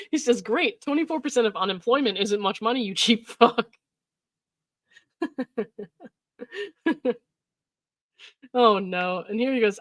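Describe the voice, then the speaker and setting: A female host reads text messages aloud with casual commentary, giving the quoted texts mock emphasis. She laughs often, makes exasperated asides, and says "like" and "um" a lot. Her mid-range voice is fairly bright and a little slow with long pauses, recorded with no room sound.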